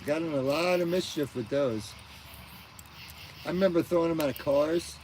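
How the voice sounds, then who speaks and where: A man's voice: fairly high pitch, normal speed, darkish tone, poor audio. Live-stream host, middle-aged man, casual and sleepy, yawning between chuckles, outdoor night mic with faint hiss. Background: crickets.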